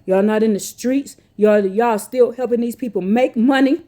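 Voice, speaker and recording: At a moderate pace, a woman with a slightly high, dark-toned voice preaches with passion to her followers. She reads scripture aloud and scolds her listeners as she goes.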